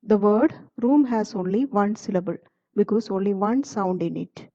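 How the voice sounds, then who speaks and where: A woman narrating a lesson in a steady, measured reading of definitions. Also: mid-range voice, muffled recording. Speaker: teacher. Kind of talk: scripted explanatory narration.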